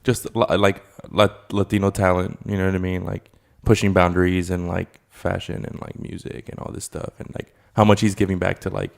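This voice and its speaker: Gravelly-voiced man chatting loosely. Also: deep voice, flat delivery, moderate pace, few pauses. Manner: loose, profane storytelling with mock voices. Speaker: podcast co-host. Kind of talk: casual chat.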